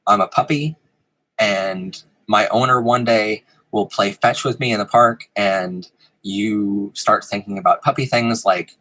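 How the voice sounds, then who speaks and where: Fairly low in pitch, steady and unhurried with a sharp tone, a man hosts a live-streamed show in casual chat. He rambles with many ums and giggles often; a fan runs in the background, and the audio quality is poor.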